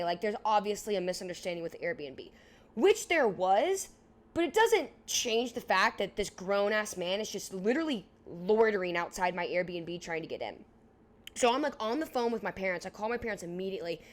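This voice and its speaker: A young woman in her twenties co-hosting a podcast, telling a story in a casual, animated way, filling it with "like" and acting out what people said. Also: medium pitch, fairly quick. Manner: animated, heavy use of "like", acts out dialogue. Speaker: podcast co-host.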